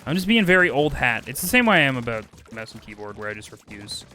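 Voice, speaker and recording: A man streaming a video game live, chatting with viewers and reacting loudly, swinging between excited yelps and low mutters. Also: fast talker. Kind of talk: casual live gameplay commentary.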